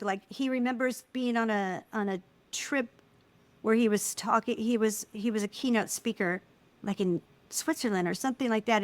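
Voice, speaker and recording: A middle-aged woman speaking as an interview guest, telling personal stories in an animated way and acting out the voices of people she quotes. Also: mid-range voice, dry recording. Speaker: guest, filmmaker. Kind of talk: casual interview conversation.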